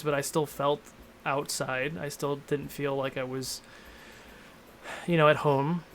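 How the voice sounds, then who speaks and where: A man's voice: on the high side, fairly even intonation, moderate pace. A man in his thirties, a game master and show host, talking candidly in a rambling, self-deprecating way in a casual panel discussion.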